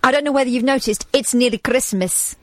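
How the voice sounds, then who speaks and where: A woman's voice: high voice, fairly quick. A woman co-hosting a radio show, chatting casually in a dry, matter-of-fact, playful way. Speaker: radio co-host.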